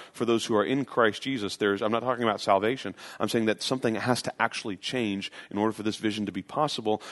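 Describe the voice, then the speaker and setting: A man's voice: medium pitch, fairly bright tone. An earnest male pastor delivering a sermon from the pulpit. He talks in an emphatic way, circling back over phrases to drive a point home. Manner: earnest, emphatic preaching with repetitions.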